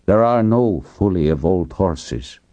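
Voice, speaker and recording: A calm, knowledgeable man from a storybook speaks in a plain, matter-of-fact way, read by a male narrator in nearly his own voice. His voice sits very low, with a dark and mellow tone. The sound is dry and close. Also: slow pace, no room sound.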